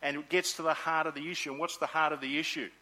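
A man preaching a sermon in an animated way, acting out the people in his story. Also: a little high, fast talker, poor audio. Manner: animated, acts out grumbling workers.

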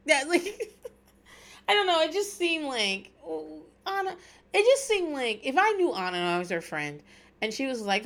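A woman's voice: sits high, very animated, moderate pace, fairly bright tone. A woman hosting a podcast, chatting casually and candidly, swearing freely and laughing often. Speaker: podcast host. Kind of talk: casual recap chat.

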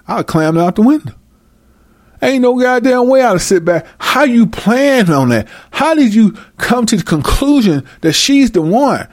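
A man's voice: sits high, lively intonation, normal speed, no echo, studio quality. A man ranting comedically to his viewers, profane and slangy, breaking into laughter often. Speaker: commentator. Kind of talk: comedic rant to camera.

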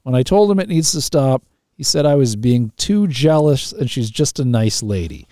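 A man's voice: mid-range voice, very animated, moderate pace, mellow, no echo, clean studio sound. A man hosting a call-in radio talk show, chatty, laughing often and restarting his phrases.

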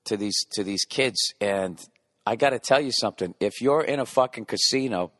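A man's voice: lowish voice, normal speed, fairly bright tone, no room sound, clean studio sound. A man in his forties doing a rambling, profane comedic monologue, often interrupting and correcting himself. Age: 40s.

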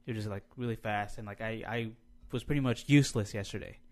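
A man's voice: on the low side, quick pace. A man on a podcast, talking in a subdued and hesitant way in casual chat.

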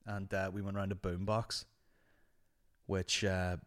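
A young man hosting a podcast, telling a casual, animated and sweary story. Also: sits low, a little slow. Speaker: podcast host.

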